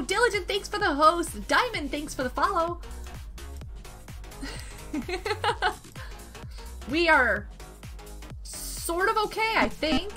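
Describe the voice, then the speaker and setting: A woman streaming a game, chatting casually and excitably, greeting and thanking her viewers. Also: sits high. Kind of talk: casual live-stream chat while gaming.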